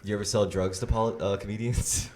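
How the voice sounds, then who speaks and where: A man hosting a podcast in a casual chat, swearing freely and rushing into loud bursts. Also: lowish voice, fairly even intonation. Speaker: podcast host. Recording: echoey room with faint noise.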